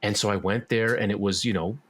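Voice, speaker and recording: A man's voice: on the low side, steady tone, a little fast, slightly rough. A man speaking as a podcast guest in casual interview chat, rambling with lots of fillers and restarts. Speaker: podcast guest, musician and actor.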